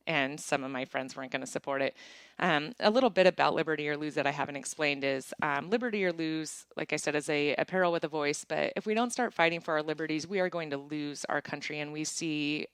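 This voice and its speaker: A woman who founded an apparel business, chatting casually in an interview and telling stories with lively acted-out quotes. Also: low voice, clear, resonant tone, no room sound. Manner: chatty, animated storytelling with bright acted-out quotes. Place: small town in Montana.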